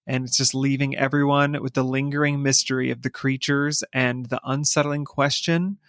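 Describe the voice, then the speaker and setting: A man's voice: medium pitch, little pitch movement, normal speed, a bit bright, clear, resonant tone, dry recording, studio quality. A man hosting a casual podcast, walking through a show concept with dramatic storytelling narration. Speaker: podcast host pitching a concept.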